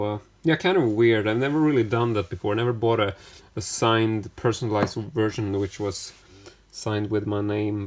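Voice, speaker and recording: A man casually showing off items from his collection in a vlog, talking in a rambling way with lots of fillers and self-corrections. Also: lowish voice.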